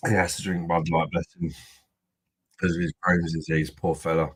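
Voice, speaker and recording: A man's voice: sits low, little pitch movement, normal speed, slightly rough, no echo, rough recording. A man from Kent, hosting a live stream and bantering with viewers in crude, jokey chatter. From Kent, England. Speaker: host of a beer review live stream. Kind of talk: casual live-stream chat.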